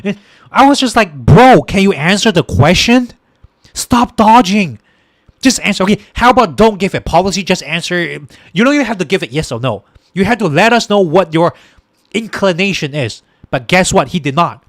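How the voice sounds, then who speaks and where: High-voiced exasperated male political ranter. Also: lively intonation, brisk, fairly bright tone, no room sound. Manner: exasperated, repetitive, stumbling restarts. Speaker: political podcast host and livestreamer. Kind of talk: ranting political commentary to a stream audience.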